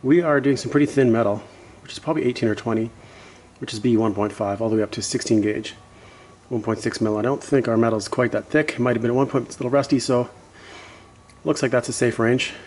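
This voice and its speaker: A man's voice: mid-range voice, fairly even intonation, quick pace, darkish tone, rough recording. Blunt man vlogging his garage work. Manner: blunt, swears, self-deprecating. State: out of breath. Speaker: home mechanic. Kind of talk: casual garage vlog.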